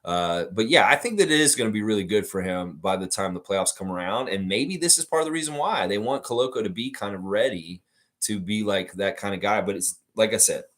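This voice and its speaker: A man hosts a casual sports livestream from behind a desk mic. His voice sits a little low, and he rambles loosely from point to point, stopping to read viewers' chat messages aloud. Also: lively intonation, brisk, fairly bright tone. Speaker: livestream host.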